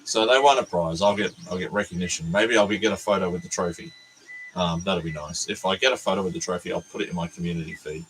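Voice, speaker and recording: An Australian man, a teacher, chatting casually on a livestream from his workbench, hoarse and sick with a cold, rambling and self-deprecating. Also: sits low, fast talker, a bit bright, slight background noise, poor audio.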